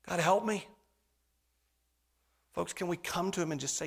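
A pastor preaching a sermon, calling the congregation "folks" and swinging from hushed whispers to loud, emphatic appeals. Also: male voice, high voice, moderate pace, creaky, slightly rough.

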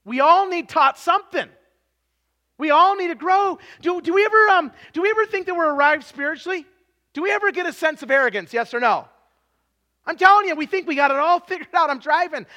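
A man in his forties preaching a sermon, telling stories with lots of restarts and sometimes dropping to a hushed, confessional tone. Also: very high-pitched, lively intonation, brisk, highs cut off. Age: 40s. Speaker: pastor.

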